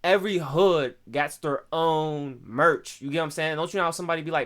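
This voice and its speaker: A man's voice: fairly high pitch, a little fast, a bit bright. A young man from Pittsburgh with a local accent, casually explaining things to his stream viewers in loose street slang and often checking in with "right?".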